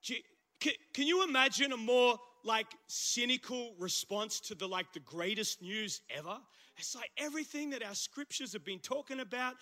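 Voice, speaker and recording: Husky Australian preacher with a bright, sharp voice. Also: male voice, extremely high pitch, normal speed. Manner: conversational, animated preaching with slang asides. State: recovering from flu, husky. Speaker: pastor. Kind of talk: sermon. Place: church service.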